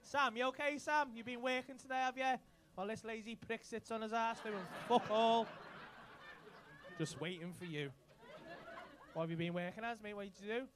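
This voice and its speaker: A man's voice: very high voice, moderate pace. A man doing cheeky, sweary crowd work as a stand-up comedian in a comedy club. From England. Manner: cheeky, sweary banter with the audience. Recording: live club recording with crowd noise.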